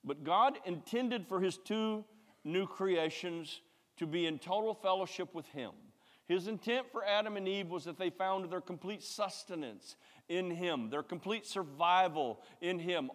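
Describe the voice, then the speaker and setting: A man preaching a sermon, emphatic and repetitive, swinging from loud to hushed. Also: sits high, a little slow. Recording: long hall reverb.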